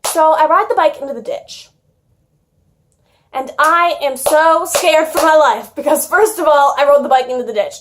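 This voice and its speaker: A young woman telling a childhood story in a casual vlog, chatty and giggly, with lots of "like". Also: sits high. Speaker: YouTuber.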